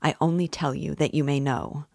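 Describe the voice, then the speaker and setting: A woman's voice: sits low, steady tone, moderate pace, creaky, dark tone, dry recording, studio quality. A woman reading a brooding, defiant young man. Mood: grim insistent. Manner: gloomy, bitter, defiant.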